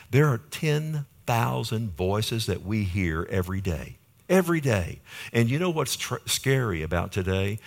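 A man preaching with emphatic, repeated phrases, pressing each point home and seeking the congregation's agreement. His speaking voice sits on the low side. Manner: emphatic, repeats key phrases, calls for amen. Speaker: pastor. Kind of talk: sermon.

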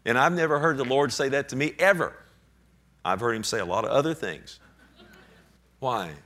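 A man preaching a sermon, reading scripture slowly and swinging between hushed and loud, animated delivery. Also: medium pitch. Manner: reads scripture aloud with slow emphasis. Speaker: pastor.

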